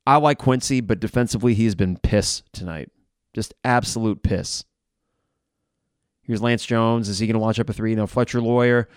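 A man hosting a live game reaction podcast, blunt and frustrated, who swears and flares into shouting. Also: lowish voice, normal speed, clean tone, no room sound, clean studio sound.

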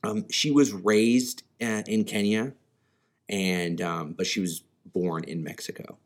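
A man's voice: on the low side, steady tone, slow. A man co-hosting a film podcast, talking casually with hesitant, rambling sentences full of fillers. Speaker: podcast co-host.

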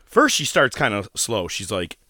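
A man hosting a podcast, telling a profane story in a casual, animated way. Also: fairly low pitch, normal speed, no echo, studio quality. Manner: profane, animated storyteller, voices others in quotes. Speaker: podcast host.

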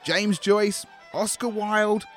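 A man playing the patient straight man in a comedy radio sketch, flatly correcting his partner with light exasperation. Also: sits high, slow pace, soft background music, pitched above the performer's own voice. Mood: dry.

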